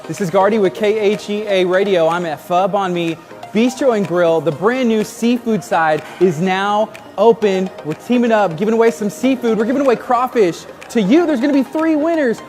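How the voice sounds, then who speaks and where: A man's voice: high voice, normal speed, a little mellow, faint music behind. Upbeat man announcing a giveaway. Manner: upbeat promotional delivery. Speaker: radio host. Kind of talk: promo video announcement.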